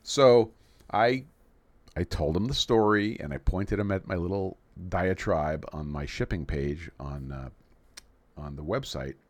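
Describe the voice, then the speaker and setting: A New York City man hosts a live stream, chatting casually in a low voice at a slightly slow pace. He rambles, jokes, and restarts often, and there's no echo in the sound.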